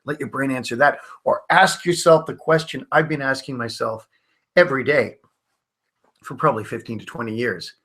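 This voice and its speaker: A man's voice: medium pitch, gravelly, bright, forceful tone. A middle-aged man teaching hypnosis in a webinar, telling stories and acting out the voices of the people he quotes. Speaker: hypnosis trainer.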